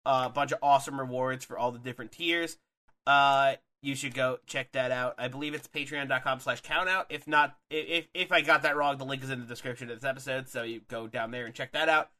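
A man's voice: mid-range voice, fairly even intonation, a little fast, bright, forceful tone. A man co-hosting a podcast, chatting loosely and upbeat, with frequent restarts. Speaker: podcast co-host. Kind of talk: casual podcast chat.

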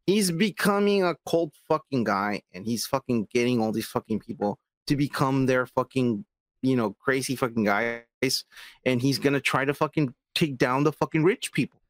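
A man's voice: mid-range voice, normal speed, dry recording. A man co-hosting a podcast in casual chat, emphatic and swearing heavily as he argues his point. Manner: emphatic, heavy swearing, repeats "come on, man". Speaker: podcast co-host.

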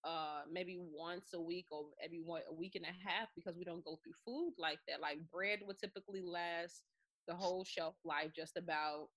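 A woman's bright, forceful voice carries this relaxed podcast chat. She talks in an animated way, swears freely and puts on quick voices for the people in her stories. She sounds middle-aged. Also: lowish voice. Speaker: podcast co-host. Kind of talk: casual chat.

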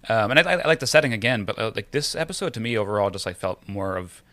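Man, co-host, sardonic and blunt, rapid talk, low bright voice, dry. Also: expressive, no room sound. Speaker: podcast co-host. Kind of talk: casual recap chat.

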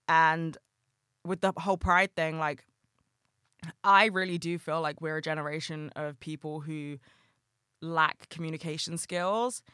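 Young adult, solo podcast host, rambling, sweary, excitable, dry close sound. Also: medium pitch, clean tone, dry recording. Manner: rambling and heartfelt, frequent "like" and swearing; animated, bursts of excitement. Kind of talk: casual solo podcast monologue.

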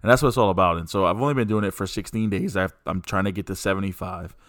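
A man's voice: low-pitched, fast, fairly bright tone, no room sound, clean studio sound. A man hosting a casual podcast, talking in an easygoing, rambling way with lots of fillers. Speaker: podcast host.

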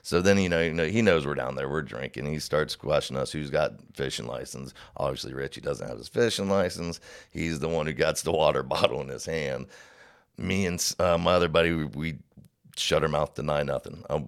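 A man with an extremely low, gravelly voice, talking in a relaxed, rambling way. He tells folksy stories and slips into voices for the people in them. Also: brisk. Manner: rambling, folksy storyteller, acts out voices in his anecdotes. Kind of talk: casual storytelling chat.

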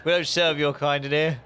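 A man's voice: on the high side, a bit bright, clean tone. A man from the south of England with a southern English accent, co-hosting a casual podcast and joking around. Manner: joking, acts out characters in quick voices. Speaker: podcast co-host. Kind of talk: casual banter.

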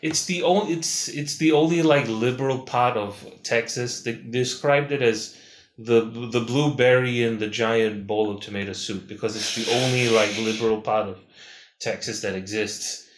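A man's voice: mid-range voice, normal speed, a little hiss or hum. Joking man in an echoey room. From Malaysia. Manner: loose, joking, slips into mock voices. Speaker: podcast host. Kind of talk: casual comedic chat.

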